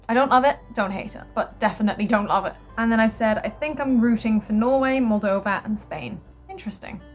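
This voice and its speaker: A young British woman vlogs in a casual, chatty way while reading from her own notes, her voice medium in pitch. She's excitable, laughs a lot, and keeps bursting into surprised exclamations.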